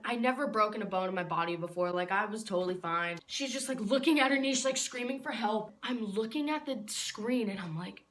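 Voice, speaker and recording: A teenage girl talks straight to the camera in a bright, forward voice, packing nearly every phrase with "like." Her storytelling is casual and chatty, and she gets loud and indignant when the story turns dramatic. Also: medium pitch, fairly quick, hardly any pauses. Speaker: vlogger.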